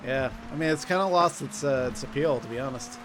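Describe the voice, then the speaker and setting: A man's voice: mid-range voice, brisk, noisy background. A man streaming a video game with friends, chatting casually, joking and reading chat messages aloud. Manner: teasing, reads chat aloud.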